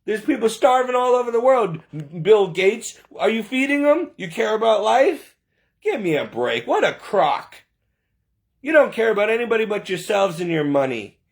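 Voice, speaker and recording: A man's voice: sits high, expressive, normal speed, creaky. A man delivering an impassioned, preachy monologue, indignant and full of rhetorical questions.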